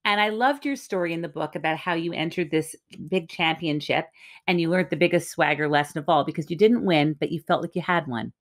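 A woman's voice: low-pitched, brisk. A woman podcast host interviewing a guest, effusive and enthusiastic in her reactions. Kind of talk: interview chat.

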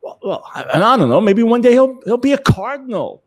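A man's voice: lowish voice, fairly quick, mellow, breathy edge, dry recording. A man voicing a devout Catholic father who stammers and hesitates as he defends his son. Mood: flustered.

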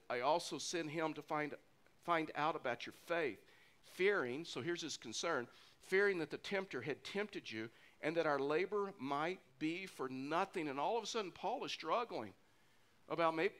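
Male pastor, middle-aged, preaching a sermon, earnest, repeats phrases for stress, fairly high-pitched voice. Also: moderate pace, fairly bright tone.

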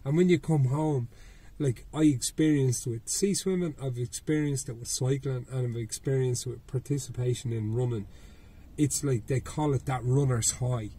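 A middle-aged Irish man hosts a relaxed podcast chat, his voice mellow and dark with a heavy husk to it. He talks in loose, rambling runs, restarting sentences and swearing freely as he goes. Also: medium pitch, moderate pace, slightly rough. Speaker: podcast host. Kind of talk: casual chat.

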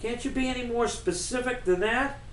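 A man's voice: very high voice, normal speed, fairly bright tone, a little hiss or hum. A man voicing a skeptical, sarcastic young ballplayer, in an echoey room. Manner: sarcastic, disbelieving.

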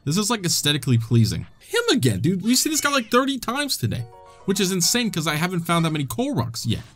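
A young man narrates his gameplay in a playful, joking way, talking to the characters as he goes. His voice sits a little high for a man. It leaps up and down with plenty of expression. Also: wildly swooping pitch, quick pace, fairly bright tone, soft background music. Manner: playful, jokey, talks to the game characters. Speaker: gaming channel host. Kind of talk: let's-play commentary.

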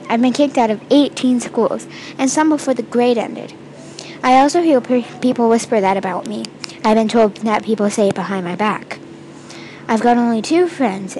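High-voiced woman reading her own story. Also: darkish tone, a little hiss or hum, poor audio. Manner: halting, with restarts and stumbles; first-person storytelling with quoted lines read in the same voice.

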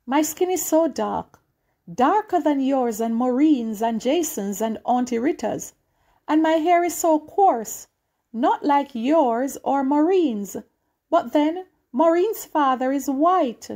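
A woman reading a short story aloud in a childlike, pleading first-person telling. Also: high-pitched. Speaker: reader.

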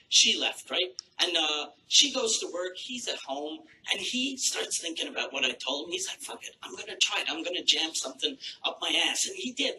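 A man doing a crude stand-up comedy set, telling a story with animated acted-out quotes on a theater stage. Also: sits high, a little hiss or hum, rough recording. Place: theater stage before a live audience.

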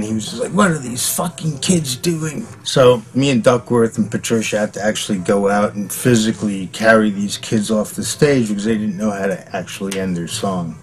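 Profane, animated middle-aged man telling stories. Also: low voice. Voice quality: profane, animated storyteller who acts out quotes with laughs. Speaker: former bandmate interviewed for a documentary. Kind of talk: casual storytelling interview.

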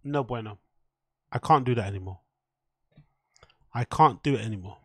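A man's voice: medium pitch, normal speed, a bit bright, dry recording. A man giving casual, slangy reaction commentary, laughing and sounding incredulous at what he watches. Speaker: streamer reacting to clips.

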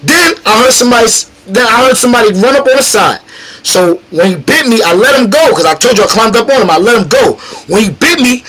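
A man tells a story in an animated, slangy way, acting out what each person said and punctuating the action with sound effects. His voice is fairly high and husky, and his pitch leaps around a lot. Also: fairly quick, low-quality recording. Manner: acts out quotes, slangy street talk, emphatic sound effects. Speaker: battle rapper telling a story.

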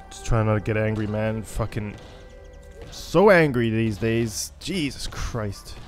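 A man's voice: on the low side, animated, slow, long pauses, a little mellow, faint music behind. A man giving let's play commentary on a stealth shooter game, frustrated and swearing at it, with chatty asides. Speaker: gaming YouTuber.

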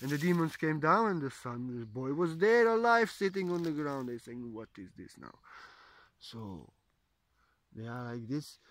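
A man's voice: a little high, sing-song, moderate pace, fairly bright tone. Man telling a legend in broken English. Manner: digressive, simple broken English with frequent "you know". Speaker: spiritual teacher. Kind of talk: spiritual storytelling talk.

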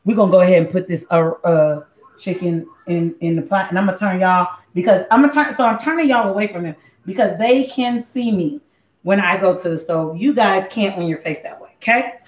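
A woman's voice: lowish voice, fairly quick. A woman hosting a live cooking show, talking in a playful, chatty way straight to her viewers. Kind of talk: casual live cooking chat. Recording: echoey room, dull lo-fi sound.

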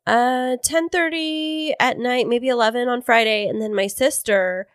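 Casual podcast co-host, woman in her thirties, lively storyteller, dry studio sound. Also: measured pace, no room sound. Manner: animated storyteller, mimics others in high voices. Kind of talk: casual chat. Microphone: studio microphone.

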